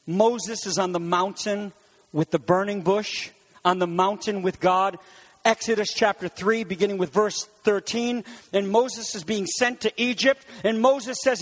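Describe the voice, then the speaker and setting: Male preacher, high voice, animated sermon delivery with shouted peaks, live in a reverberant church hall. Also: measured pace. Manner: animated, shouting on key words, asides to the room.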